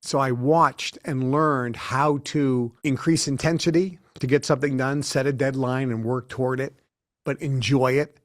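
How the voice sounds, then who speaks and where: A middle-aged man as an interview guest, telling lively anecdotes and acting out the people he quotes. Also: mid-range voice. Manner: animated storyteller who acts out quotes. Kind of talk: casual interview talk.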